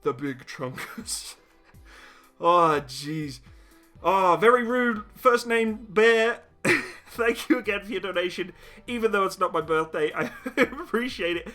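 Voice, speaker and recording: There's faint music in the background while a young man hosts a relaxed live chat stream and reads out donations. His high-pitched voice is animated, unhurried, bright, and forceful, and he keeps breaking into giggly, self-mocking laughter.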